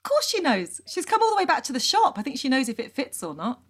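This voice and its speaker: A woman's voice: high-pitched, wildly swooping pitch, fast talker. A woman co-hosting a podcast, casually reacting to a story in a chatty, sympathetic way and laughing easily. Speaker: podcast co-host.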